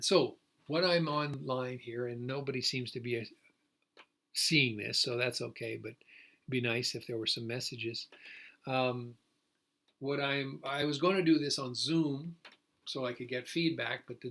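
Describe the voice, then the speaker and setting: A man's voice: mid-range voice, fairly even intonation, a little slow, a bit bright. An older man who calls himself an activist, talking alone on a livestream, rambling emotionally with restarts, choking up and bursting into indignant outrage. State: choked up. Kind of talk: solo livestream monologue.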